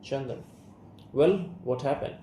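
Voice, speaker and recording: A young man with an Indian English accent voicing a guarded, estranged son and writer, reading a play aloud in a measured, restrained way. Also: mid-range voice, mellow, close to an everyday voice. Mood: defensive. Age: young adult. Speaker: student reader. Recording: roomy room, faint hiss.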